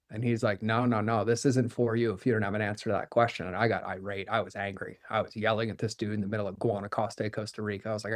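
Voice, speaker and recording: A man with a fairly low voice tells a personal story as a podcast guest. He is candid and animated, and he acts out the dialogue he quotes. The sound is close and dry, with no room around it. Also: fast talker, no room sound. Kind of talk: storytelling in conversation.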